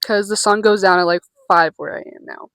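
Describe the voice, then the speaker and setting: A woman's voice: medium pitch, steady tone, brisk, fairly bright tone, no room sound, low-quality recording. Nervous, rambling young woman vlogger. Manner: nervous, rambling, swears casually. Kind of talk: casual vlog chat.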